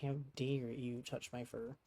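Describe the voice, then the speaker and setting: Streamer putting on a haughty, offended house cat; low, mellow delivery. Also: flat delivery, unhurried, lightly acted. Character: indignant fussy female house cat.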